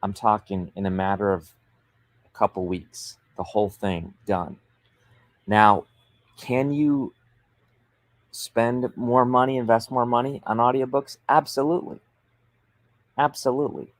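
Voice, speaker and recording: Guy with a low-ish voice hyping authors up on a livestream, punchy and persuasive, dry close sound. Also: measured pace, pauses often, no echo. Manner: energetic, emphatic, persuasive coaching. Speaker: author coach and show host. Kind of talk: livestream business talk.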